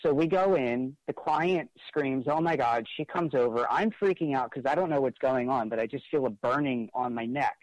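A man's voice: mid-range voice, normal speed, few pauses, darkish tone, no room sound, dull audio. A man recounting a personal experience in an interview, speaking earnestly with frequent "like" fillers and restarts. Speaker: interview guest. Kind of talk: conversational storytelling.

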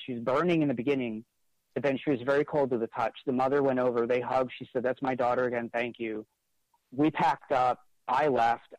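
A man's voice: medium pitch, dry recording, poor audio. A man recounting a personal experience in an interview, speaking earnestly with frequent "like" fillers and restarts. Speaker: interview guest. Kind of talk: conversational storytelling.

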